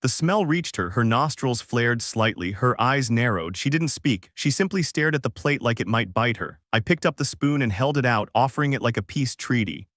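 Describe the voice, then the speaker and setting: A man giving measured, dramatic first-person narration of a sci-fi story. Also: mid-range voice, expressive, fairly bright tone, no echo, clean studio sound.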